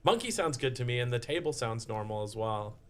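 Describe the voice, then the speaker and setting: A man's voice: mid-range voice, expressive, brisk. A man with a New York accent co-commentating a live poker stream, playful and self-mocking, speaking very close to his mic.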